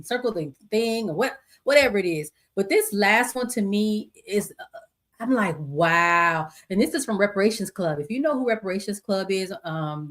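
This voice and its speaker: Animated, laughing woman podcast host. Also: on the low side. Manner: animated, laughs often, reads stories aloud with voices. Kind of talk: casual solo commentary. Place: home desk with two computer screens.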